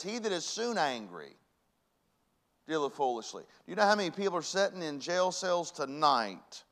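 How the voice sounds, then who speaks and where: A pastor preaching a folksy sermon, dropping to soft asides and then rising to near-shouts. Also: male voice, fairly high pitch.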